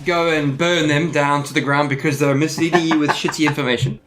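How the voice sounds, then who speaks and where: Higher-pitched podcast host. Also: male voice, steady tone, fairly quick, a bit bright, slight background noise. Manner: teasing, mock-outraged banter. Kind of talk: casual podcast chat.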